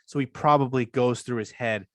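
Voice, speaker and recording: A man co-hosting a casual podcast, rambling with profane enthusiasm as he retells favorite moments. His voice sits at an ordinary middle pitch, and the close mic leaves it dry and free of room sound. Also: normal speed, fairly bright tone, dry recording. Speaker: podcast co-host. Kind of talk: casual chat.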